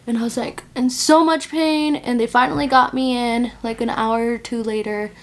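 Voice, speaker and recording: Young woman, vlogger, slightly high voice, casual storytelling while doing makeup, lots of "like", animated. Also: normal speed. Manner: chatty, heavy use of "like", animated retelling. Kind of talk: casual get-ready-with-me storytelling.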